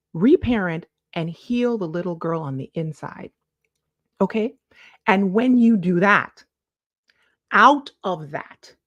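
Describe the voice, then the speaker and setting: A woman's voice: on the low side, dry recording, dull audio. A woman chatting to camera in a casual, preachy way, affectionately calling viewers "boo-boo" and drawing out words for emphasis. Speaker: lifestyle vlogger. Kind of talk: casual motivational chat to camera.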